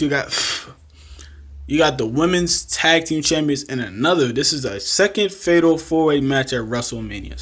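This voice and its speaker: A young man talking casually through his predictions for wrestling matches, laughing often and acting out what the wrestlers said. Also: mid-range voice. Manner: excitable, laughs often, acts out quotes. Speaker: wrestling fan vlogger.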